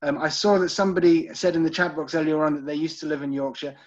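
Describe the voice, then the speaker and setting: This virtual tour guide, a British-accented man from the UK, hosts a live online literary tour in a casual, chatty way, checking in with viewers and filling gaps with ums. His slightly high voice holds a steady tone at a quick pace, and the audio is lo-fi.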